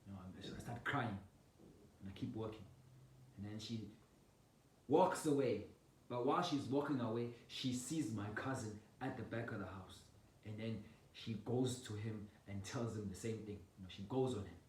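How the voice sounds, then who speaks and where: A man casually telling a personal family story, animated and laughing, acting out the scenes with sound effects. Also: normal speed. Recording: roomy echo, distant mic, low rumble.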